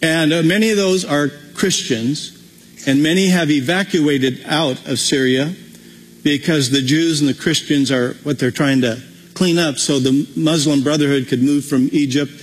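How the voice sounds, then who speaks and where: A man's voice: fairly high pitch, steady tone, a little slow. A man preaching a conversational sermon as pastor, with frequent restarts. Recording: long hall reverb.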